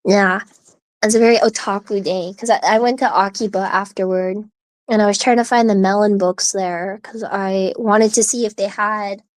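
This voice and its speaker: A woman's voice: mid-range voice, steady tone, normal speed, no echo. A woman hosting a live audio stream, chatting casually in a rambling, giggly way full of "like" and restarts, with hiccups. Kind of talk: casual chat.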